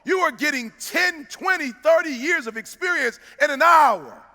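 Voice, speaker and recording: In an animated, preacher-style motivational speech at normal speed, a man with a very high, sharp voice pounds his points, sometimes shouting and sometimes drawing words into a sing-song rhythm. The long reverb of a large hall rings around him.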